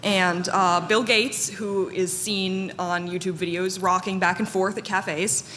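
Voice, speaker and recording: A woman's voice: on the low side, steady tone, unhurried. A woman giving a candid, self-deprecating talk to a conference audience, with many fillers and restarts. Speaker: conference panel speaker. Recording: long hall reverb, faint room noise.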